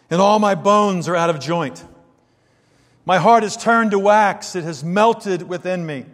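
A man preaching a sermon, moving from quiet reflective passages to loud, emphatic stresses as he reads and explains scripture. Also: mid-range voice, big-room sound.

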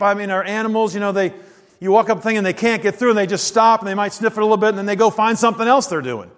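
A man preaching a conversational sermon, asking rhetorical questions and dropping quiet before lifting his voice again. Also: sits high. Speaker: pastor. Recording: long hall reverb.

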